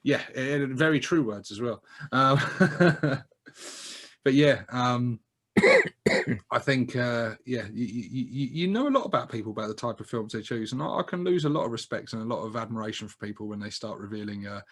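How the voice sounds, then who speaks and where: A man co-hosting a casual chat about films, animated, laughing often and swearing freely. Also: mid-range voice, moderate pace. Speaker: podcast co-host.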